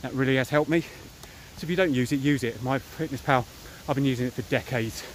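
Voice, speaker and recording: This is a fitness vlogger, a man in his thirties with British English, giving a blunt, casual talk to camera as he walks through a park. His medium-pitched voice moves fairly quickly over a little hiss or hum.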